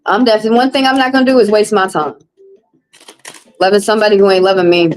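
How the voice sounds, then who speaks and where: A woman's voice: mid-range voice, steady tone, quick pace, low-quality recording. A woman, a tarot reader live-streaming and chatting with viewers in a blunt, casual, profane way. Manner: blunt, casual, profane, talks straight to chat.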